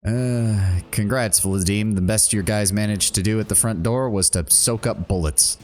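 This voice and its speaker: A man's voice: fairly low pitch, moderate pace, few pauses. A man narrating as game master of a tabletop role-playing game, then rambling and correcting himself in casual chat with the players. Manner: rambling, self-correcting when chatting.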